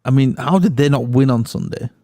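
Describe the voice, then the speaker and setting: A man's voice: mid-range voice, fairly quick, warm tone. A man, co-hosting a podcast in easygoing, hesitant football chat. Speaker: podcast co-host.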